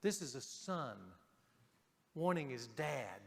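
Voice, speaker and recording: A man preaching a sermon to a men's group, speaking emphatically and dropping to a hush on key points. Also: mid-range voice, sing-song, slow, gravelly, in a large hall.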